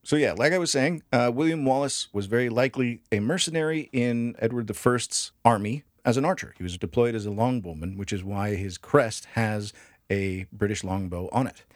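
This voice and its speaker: A man's voice: medium pitch, normal speed, dry recording, clean studio sound. A man co-hosting a casual history podcast, joking and swearing as he explains. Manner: profane, jokey, laughs often. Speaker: podcast co-host.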